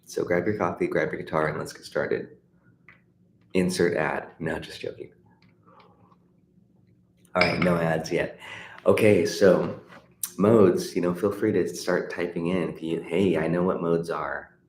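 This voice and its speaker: Man, guitar teacher, very deep voice, chatty with fillers, faint background hiss. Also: steady tone, a little slow, pauses often. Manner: chatty, encouraging, many fillers and restarts. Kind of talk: livestream music lesson. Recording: echoey room with faint noise.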